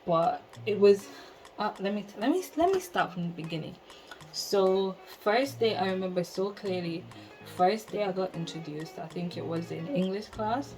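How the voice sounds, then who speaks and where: A woman's voice: on the low side, low-quality recording. A young woman in her twenties with a Jamaican accent, telling a candid, exasperated story in casual chat and slipping into patois. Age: 20s. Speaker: vlogger. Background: soft background music.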